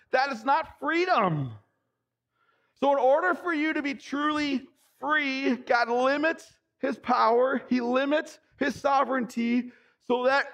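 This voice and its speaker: Excitable high-voiced preaching man. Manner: excitable, emphatic preaching with sudden bursts; reads scripture passages aloud. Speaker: pastor. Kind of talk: sermon.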